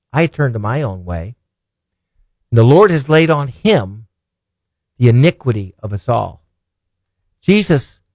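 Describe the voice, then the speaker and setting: A man's voice: mid-range voice, a little mellow, no room sound. Earnest male preacher, dry close sound. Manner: earnest, emphatic preaching with rhetorical questions. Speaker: preacher and broadcast host. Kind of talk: sermon with scripture reading.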